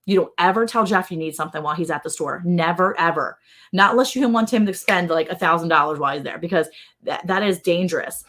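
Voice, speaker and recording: A woman's voice: on the low side, fast. A middle-aged woman hosting a casual live-stream chat. She tells family stories with animation, laughs often, and jumps her voice up to act out relatives' lines. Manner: animated storyteller who acts out relatives' lines in a raised voice; laughs often while talking. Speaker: host.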